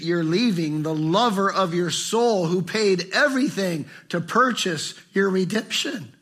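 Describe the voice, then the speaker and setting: A middle-aged man preaching a sermon with passion, swinging between fervent bursts and hushed, tender lines. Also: fairly high pitch. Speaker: pastor.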